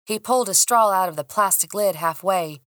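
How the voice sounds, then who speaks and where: Brief: young woman storyteller, bright tone, dry close sound, acts out dialogue. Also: medium pitch, brisk, dry recording. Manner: expressive first-person storytelling with character voices. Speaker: podcast narrator. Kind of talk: scripted story narration.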